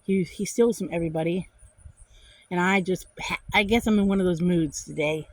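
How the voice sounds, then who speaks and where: Speaking to the camera in a casual vlog, a middle-aged woman retells an infuriating story with animated indignation, repeating herself to drive points home. Her pitch is fairly low, her pace moderate, and there's no echo.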